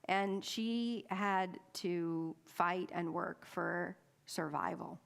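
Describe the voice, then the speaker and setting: A woman's voice: fairly low pitch, fairly even intonation, very slow, creaky. A middle-aged woman minister giving a sermon, telling a personal story with wry humor and acting out the lines of the people in it. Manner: wry storytelling with acted-out quotes.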